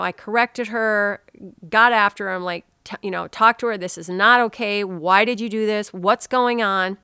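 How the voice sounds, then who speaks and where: A woman hosting a podcast, telling a personal story in an animated, expressive way and dropping to a soft hush now and then. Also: medium pitch, clear, resonant tone, no echo, studio quality. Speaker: podcast host. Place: home.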